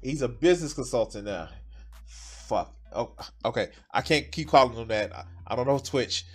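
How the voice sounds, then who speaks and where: A man's voice: mid-range voice, expressive, normal speed, slightly rough. A male streamer giving live reaction commentary, ranting heatedly and swearing constantly.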